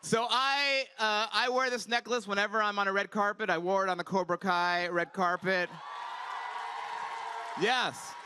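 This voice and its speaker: High, bright-voiced man doing stand-up. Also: normal speed, a little hiss or hum. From Iran. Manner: animated storytelling with voiced asides. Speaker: comedian. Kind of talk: stand-up comedy. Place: conference stage before a live audience.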